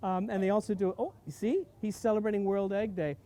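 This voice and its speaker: A man's voice: high voice, steady tone, fairly quick, mellow. A man hosting a live stream outdoors on a farm, chatty and full of exclamations. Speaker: host. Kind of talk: live-streamed casual chat.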